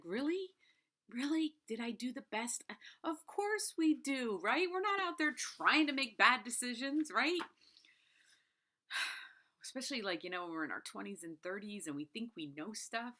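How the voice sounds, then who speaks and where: Fifty-something lady vlogging a book review, bright voice, super candid and chatty, says like a lot. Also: fairly low pitch. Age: 50s. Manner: candid and chatty, many "like"s and "right?". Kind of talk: casual chat.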